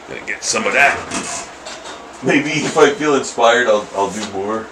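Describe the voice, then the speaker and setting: A man's voice: lowish voice, normal speed, noisy background. A middle-aged man chatting casually while he draws, rambling and chuckling, with lots of fillers and restarts. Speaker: artist streaming his drawing. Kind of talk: casual chat while drawing.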